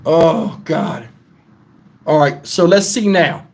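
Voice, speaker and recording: High-voiced middle-aged man ranting on a livestream. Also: slow. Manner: blunt, profane and shaken, addresses chat directly. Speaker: livestream host. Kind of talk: casual livestream talk.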